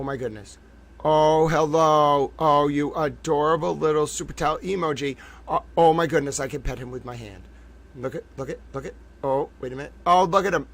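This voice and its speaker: A man's voice: mid-range voice, fairly bright tone. A man hosting a casual trivia livestream, playful and gushing as he chats with viewers. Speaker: livestream host.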